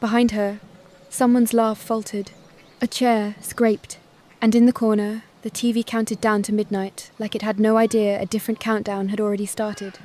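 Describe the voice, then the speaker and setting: A woman narrating a first-person family drama story in a calm, measured voice. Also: mid-range voice.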